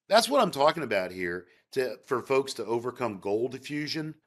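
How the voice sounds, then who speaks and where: A man's voice: mid-range voice, sing-song, fairly quick, few pauses, a bit bright. An older man who is a sales coach, answering interview questions in an emphatic, coaching way with punchy phrases.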